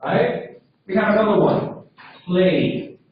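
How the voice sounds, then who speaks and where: A high-voiced man with as his leads a classroom lesson, taking it slowly and checking with the class. He is heard from across a very echoey room on a dull, lo-fi recording. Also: distant mic, slight background noise. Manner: drills pronunciation, checks with frequent "okay?". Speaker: English teacher.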